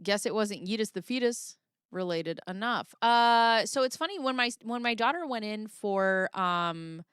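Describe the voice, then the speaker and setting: A woman's voice: mid-range voice, animated, measured pace, fairly bright tone, clear, resonant tone, no room sound, clean studio sound. A woman chatting casually on a livestream, reading viewer comments and joking sarcastically, with frequent laughter.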